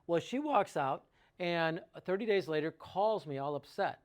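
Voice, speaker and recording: A man's voice: on the high side, expressive, measured pace. A man giving an informal sales talk about water treatment, working through sums aloud with enthusiasm and rhetorical questions.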